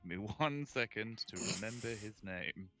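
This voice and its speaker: A man playing in a tabletop game, joking and pausing as he talks. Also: fairly low pitch, lively intonation, sharp tone, soft background music. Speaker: player. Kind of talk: casual chat.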